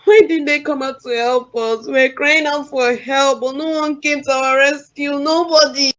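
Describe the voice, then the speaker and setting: A woman with a Nigerian accent playing a distraught young woman, crying, wailing and shouting. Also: high voice, steady tone, slow, highs cut off.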